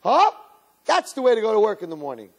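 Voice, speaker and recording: Animated man teaching. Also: fast talker. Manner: storytelling with sudden high-pitched emphasis; mixes in Hebrew and Yiddish words. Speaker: Torah teacher. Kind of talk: animated sermon to a room of girls.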